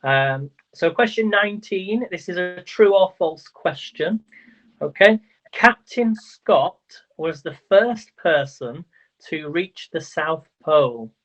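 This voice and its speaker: A male livestream quiz host with a slightly high, fairly bright voice and lively intonation takes things slowly. He's chatty, stumbles over his words, and counts aloud, all through dull, muffled lo-fi audio.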